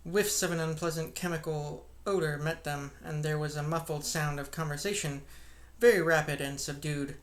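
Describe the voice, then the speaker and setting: Audiobook reader: woman narrating a classic novel, steady and measured. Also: deep voice. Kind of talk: reading a classic novel aloud.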